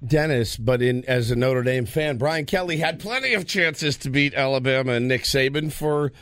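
A man's voice: mid-range voice, normal speed, fairly bright tone, no room sound. Give me a man co-hosting sports radio, wry and self-mocking, with a dry, close sound.

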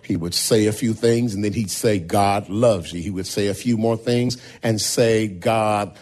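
Pastor guy preaching slow and dramatic, stretches words out, gets loud at the peaks, church setting. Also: on the low side. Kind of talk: sermon. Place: church sanctuary.

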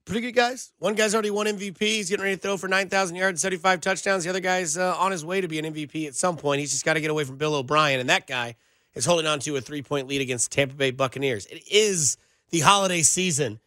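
A man hosting a sports talk radio show, energetic and joking as he riffs on football and holiday movies. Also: fairly high pitch, fast, dry recording, studio quality. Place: radio studio.

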